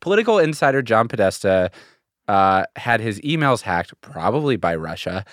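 Low-voiced man in casual banter. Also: very animated, moderate pace, no echo, studio quality. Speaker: podcast co-host.

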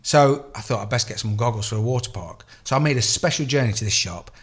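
An English man in his thirties, co-hosting a podcast and telling an animated, profane story in casual chat. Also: medium pitch, fast talker, husky. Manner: swears a lot, animated storytelling. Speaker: podcast co-host.

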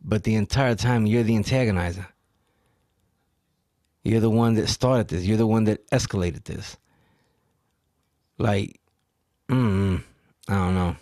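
A man's voice: on the low side, unhurried, pauses often, no room sound, clean studio sound. A man hosting a solo podcast, telling stories in a profane, emphatic way with rhetorical questions. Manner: profane, animated storyteller acting out quotes. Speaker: podcast host.

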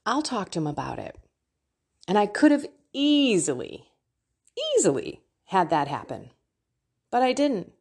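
A woman's voice: medium pitch, very animated, a little slow, creaky, long pauses, a little mellow, husky. A middle-aged woman hosting a faith podcast, teaching her listeners in a candid, emotional way and laughing often.

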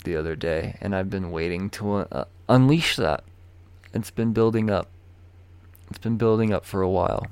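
A man's voice: on the low side, creaky, no room sound. A man casually reviewing new comic book releases, blunt and profane, breaking into swearing rants.

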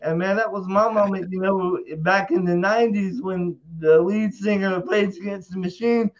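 A man's voice: high voice, moderate pace. A man, an interview guest, telling a story casually, swearing freely and acting out what people said. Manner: profane, animated, acts out quotes. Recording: dull lo-fi audio.

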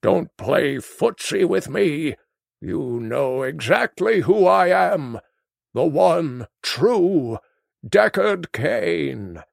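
An elderly sage with a deeply gravelly, creaking voice that rises and falls widely as he speaks. He talks very slowly, in a drawn-out storyteller's way, in a dry and close recording. He is cranky and indignant, like a grumpy old man. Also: sing-song, no room sound, exaggerated voice. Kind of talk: comedic call-in sketch.

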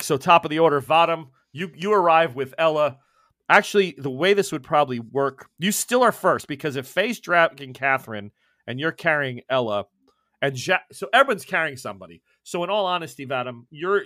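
A man's voice: medium pitch, bright, forceful tone. A man acting as game master, narrating a tabletop horror game in a loose, conversational way.

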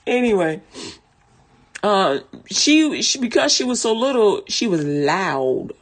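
A woman's voice: medium pitch, sing-song, takes it slowly. A woman casually telling a personal story in conversational, vernacular speech, often laughing and restarting her sentences.

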